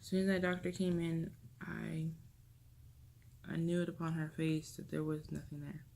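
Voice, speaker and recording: Young woman with a gravelly voice. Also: sits low, flat delivery, slight background noise. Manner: emotional, halting, with restarts and soft drops. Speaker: vlogger. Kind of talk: personal storytelling to camera.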